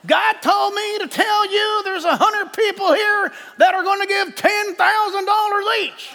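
A man voicing a greedy male TV preacher with a Southern accent, shouting and pleading for money. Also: very high voice, fairly even intonation, unhurried, creaky, voice pushed up, heavily acted.

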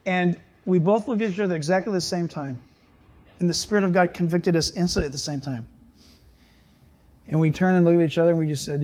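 An older man, a pastor, delivering a sermon as an animated, jokey storyteller. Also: sits high, a little fast.

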